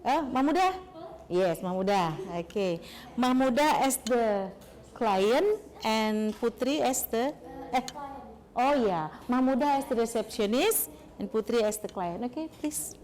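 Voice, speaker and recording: A woman's voice: a little high, animated, unhurried, a little mellow. A woman lecturer with an Indonesian accent teaching English in a classroom, switching between English and Indonesian as she drills her students on phrases.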